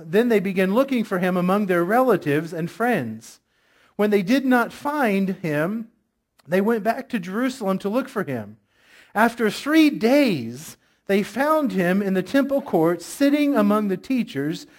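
A middle-aged male pastor with a high-pitched voice delivers a sermon, telling stories conversationally and putting questions to the congregation.

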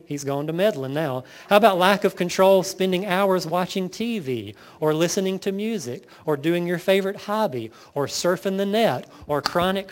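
A man preaching a sermon, firing off lists and rhetorical questions to his congregation. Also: high voice. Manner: lively preaching, lists sins in rapid bursts, rhetorical questions. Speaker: pastor.

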